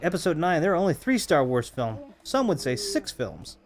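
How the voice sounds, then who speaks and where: A man's voice: fairly high pitch, sing-song, moderate pace. Chatty man streaming a game. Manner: chatty and rambling, answering viewers while playing. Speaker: streamer playing a video game. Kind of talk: casual live-stream commentary.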